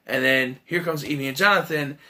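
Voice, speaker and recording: A man's voice: mid-range voice, brisk, sharp tone. A man giving a casual, blunt and profane spoken film review, with frequent restarts as he talks.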